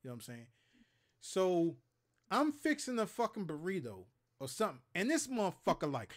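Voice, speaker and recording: A man's voice: high voice, normal speed. A man in his thirties from Maryland telling profane stories on a casual gaming livestream, acting out the other people's lines as he goes. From Maryland, USA. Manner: profane, animated storyteller who acts out other people's lines. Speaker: co-host of a gaming talk show.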